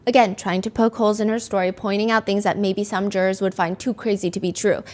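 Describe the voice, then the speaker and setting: A woman hosting a podcast, retelling courtroom events in a casual, animated way with dry asides. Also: mid-range voice, fast. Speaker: podcast host. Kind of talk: casual true-crime storytelling.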